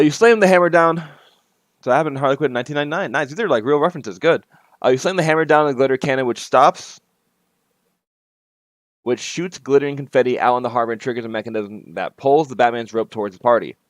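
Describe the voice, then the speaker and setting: Brief: a chatty man narrating a game, mid-pitch, dry close sound. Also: dry recording. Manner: casual, chatty asides and self-corrections. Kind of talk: reading a self-made game aloud.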